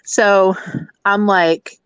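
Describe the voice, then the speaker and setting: A woman's voice: medium pitch, very slow, clear, resonant tone, dry recording, dull audio. A woman who works as a hotel district manager, telling a blunt, profane story about a rude guest in a casual rant. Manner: blunt, profane, animated retelling.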